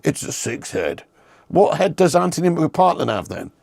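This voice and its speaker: A man's voice: on the high side, sing-song, normal speed, gravelly, a little mellow, no room sound, clean studio sound. A man hosting a live football watch-along, chatting with viewers, swearing and laughing as he reads their messages. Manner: banters with chat, swears, laughs often. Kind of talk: casual live-stream chat.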